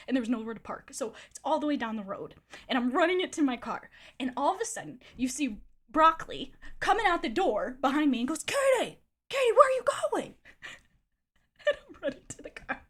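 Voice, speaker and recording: A woman streamer telling a wild personal story in a casual, animated way, swearing freely and laughing often. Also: fairly high pitch.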